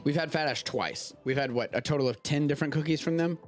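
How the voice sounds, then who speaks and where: A man's voice: a little high, fast talker, faint music behind. Rambling man hosting a casual show. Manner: loose and rambling, swears casually. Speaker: show host. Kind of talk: casual chat, tasting food. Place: home studio during a live stream.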